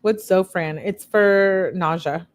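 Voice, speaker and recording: A woman with a mid-range voice reads text messages slowly, her intonation fairly even. She works as a true-crime commentator, lifting her voice a touch on the quoted parts and pausing for blunt, candid asides.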